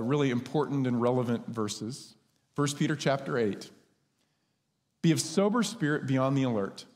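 A man preaching a sermon as pastor, conversational and lively when he tells stories. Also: mid-range voice. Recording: long hall reverb.

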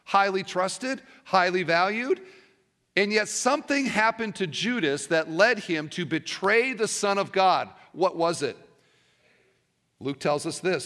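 A man's voice: high voice, animated, measured pace, bright, forceful tone, long reverb tail. A male pastor preaching a sermon, telling a story and asking rhetorical questions.

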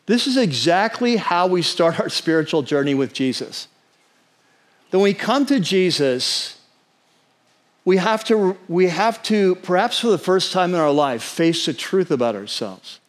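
A man with a fairly high voice delivers a sermon as the pastor. He talks in an earnest, conversational way, often asking his listeners "right?" He slows down to spell out and stress key words. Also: animated.

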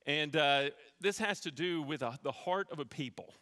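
Man pastor, bright and somewhat high voice, sermon in a reverberant church. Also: animated, normal speed. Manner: storytelling with self-deprecating humor. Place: church sanctuary.

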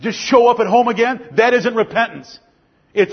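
A man's voice: extremely high pitch, normal speed, husky. A male preacher delivering a fervent sermon with emphatic repetition, on a dull lo-fi recording.

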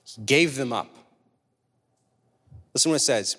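A man's voice: medium pitch, lively intonation, a little slow, long pauses, fairly bright tone. A young adult man preaching a sermon, telling stories conversationally and driving his points home with repetition. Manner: conversational storytelling, emphatic repeated points. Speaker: pastor. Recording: long hall reverb.

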